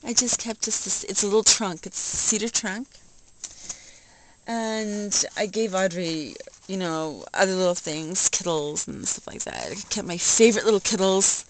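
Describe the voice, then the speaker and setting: An older woman talking casually in a rambling, nostalgic way, laughing softly now and then. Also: medium pitch, expressive, moderate pace, slight background noise, rough recording. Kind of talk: casual home video vlog.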